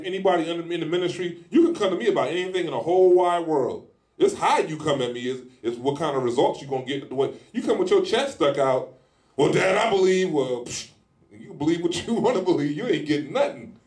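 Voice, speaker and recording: A man preaching a sermon in a casual, animated style, acting out little scenes as he goes. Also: on the high side, reverberant. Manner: animated, acts out scenes in lively voices; speaks in informal colloquial style. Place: church hall.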